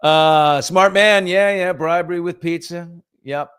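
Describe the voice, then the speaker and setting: A middle-aged man hosting a casual morning talk show, telling stories with lively acted-out quotes. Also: high voice, measured pace, clear, resonant tone. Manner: animated storyteller, acts out quotes and whispers. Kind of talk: casual storytelling chat.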